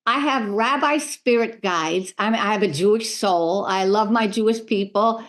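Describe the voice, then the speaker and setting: A middle-aged woman, a medium, telling lively stories in a podcast interview and acting out the voices of the people in them. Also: mid-range voice, measured pace. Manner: animated, acts out voices in her stories. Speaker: medium and spiritual healer, guest.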